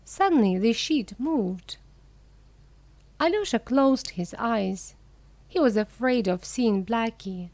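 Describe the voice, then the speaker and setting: A woman reading a children's story aloud for English learners, clear, careful and expressive. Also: fairly high pitch, slow pace, no room sound.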